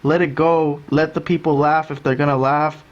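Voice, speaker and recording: A man's voice: on the high side, little pitch movement, moderate pace, lo-fi sound. A man hosting a wrestling review podcast, talkative, ranting and mimicking commentators. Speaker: podcast host. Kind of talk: casual wrestling review chat.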